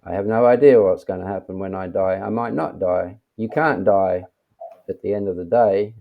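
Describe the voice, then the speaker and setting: Male interview guest, deep with a rough, fried edge, calm and unhurried, heard over a tinny call line. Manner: calm, unhurried, self-assured. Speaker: interview guest, mystic teacher. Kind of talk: reflective interview talk. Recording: thin phone-like audio.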